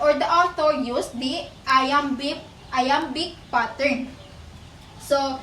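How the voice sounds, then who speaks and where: A woman's voice: high voice, fairly bright tone, recorded from a distance. A woman teacher, explaining a poem step by step to a class and counting aloud, in a teaching demonstration. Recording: echoey room, voice off-mic, faint noise.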